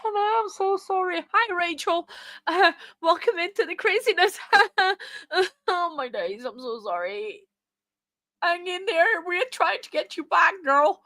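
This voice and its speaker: A woman's voice: very high-pitched, expressive, measured pace, pushed and bright, dry recording. A woman hosting a live stream in casual chat, flustered and apologetic as she reads and answers viewer chat. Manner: flustered and apologetic, many fillers.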